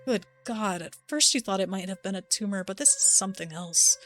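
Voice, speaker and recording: A woman's voice: mid-range voice, brisk, a bit bright, soft background music. A woman streamer playing a story game, reading its text aloud with playful asides. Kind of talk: let's-play narration reading a visual novel aloud.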